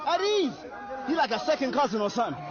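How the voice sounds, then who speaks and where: A man with a high, lively voice, trading teasing, laid-back banter. A noisy street crowd surrounds him, and the audio sounds dull. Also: quick pace.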